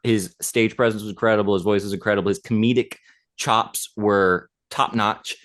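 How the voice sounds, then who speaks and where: Casual co-host, man in his thirties, low smooth voice, excited rambling storyteller, many fillers. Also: normal speed. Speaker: podcast co-host. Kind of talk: casual chat.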